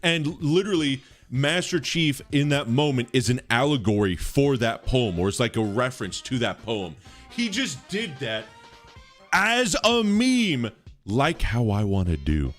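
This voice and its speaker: A man's voice: medium pitch, sing-song, unhurried, faint music behind. A young man live-streaming, chatting casually with his viewers in a rambling, enthusiastic, slangy way.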